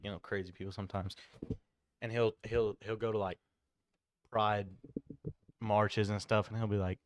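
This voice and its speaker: A man with a low-set voice chats casually on a podcast, wandering through his thoughts with plenty of fillers. The sound is dry and close, with no room around it. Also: no room sound. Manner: rambling, enthusiastic, many fillers. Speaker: podcast co-host. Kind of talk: casual chat.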